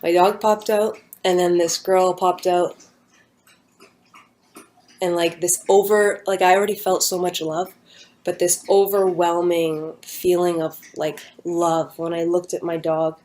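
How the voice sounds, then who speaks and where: A woman's voice: fairly low pitch, level tone, a little slow, darkish tone. A young woman talking at home, telling a personal story in a rambling casual way with many fillers and restarts. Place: at home with her dog nearby.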